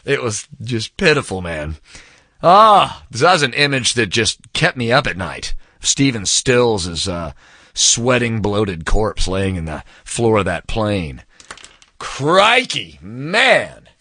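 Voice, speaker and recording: A man's voice: on the low side, very animated, slow pace, sharp tone, no echo, studio quality. A man casually recommending a book, telling a long rambling anecdote in a laid-back way, full of fillers and calling the listener "man". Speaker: book reviewer.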